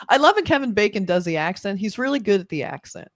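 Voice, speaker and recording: A woman's voice: medium pitch, big pitch swings, fast talker, no room sound. An eager woman chatting through a trailer reaction in a dry, close room. She talks with easy enthusiasm and laughs a lot. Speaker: co-host reviewing a trailer. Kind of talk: casual reaction chat.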